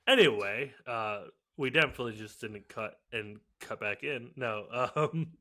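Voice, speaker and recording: A young man with a medium-pitched, sharp-toned voice co-hosts a podcast. His casual chat rambles, packed with fillers and frequent laughter.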